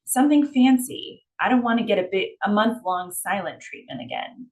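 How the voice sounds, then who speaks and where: A woman's voice: medium pitch, expressive, normal speed, voice pushed up, lightly acted, poor audio. A woman reading the lines of a sarcastic young woman in a story example. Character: sarcastic young woman, anxious to please her mother.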